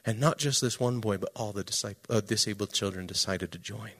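A man preaching a sermon, telling a story with emphatic swings between loud and hushed delivery. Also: lowish voice, fairly quick, hardly any pauses. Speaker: pastor.

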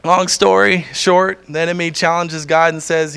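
Man, middle-aged, preaching a sermon, raised pitch, rough gravelly texture, casual and chuckling. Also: flat delivery, moderate pace, few pauses, fairly bright tone. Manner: conversational, chuckles often, acts out quoted voices.

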